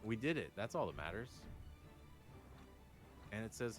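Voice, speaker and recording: A relaxed American man rambles and jokes as he plays, his low-pitched voice swinging widely in melody. Clear game music runs behind him. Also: measured pace. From United States. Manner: relaxed, chatty, joking. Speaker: stream guest. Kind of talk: casual chat while playing a game.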